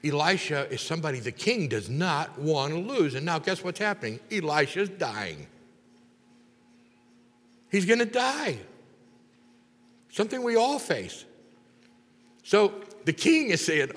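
A man preaching a sermon, retelling a Bible story in an animated way and acting out the characters' lines. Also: on the high side, measured pace, long pauses. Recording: long reverb of a large hall.

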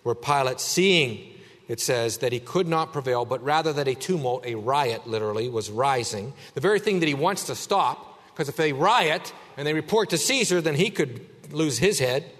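A man preaching a sermon as pastor, emphatic, swinging between a raised voice and a hushed one. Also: medium pitch, lively intonation, normal speed, long reverb tail.

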